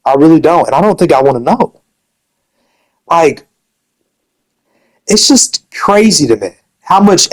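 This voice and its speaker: The audio is poor and the voice mid-range. A young man blows up about another gamer in his community, swearing heavily and saying "dude" again and again.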